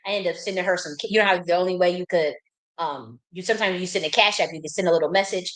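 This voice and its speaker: A woman in her thirties from the United States, telling a long casual story in a blunt, profane and animated way, with many restarts. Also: lowish voice, fast talker, poor audio. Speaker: host.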